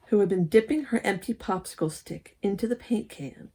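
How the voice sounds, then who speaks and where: A woman reading a children's story aloud at a church service, lively and expressive, with asides to the listeners. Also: medium pitch, moderate pace, few pauses. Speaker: lay speaker at a church service.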